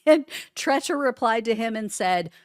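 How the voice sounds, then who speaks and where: With lively intonation and a somewhat high voice at normal speed, a woman delivers blunt, sarcastic political commentary. She reads posts aloud with casual swearing, and the studio recording is clean and free of room sound.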